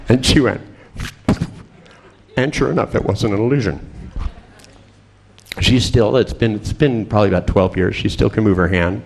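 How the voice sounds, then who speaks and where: A man with a low voice and a gravelly, fry-laden edge tells stories at a seminar. He speaks as a hypnotist, with a wry, boastful humor and frequent chuckles. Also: measured pace, long pauses, darkish tone. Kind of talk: anecdotal storytelling lecture.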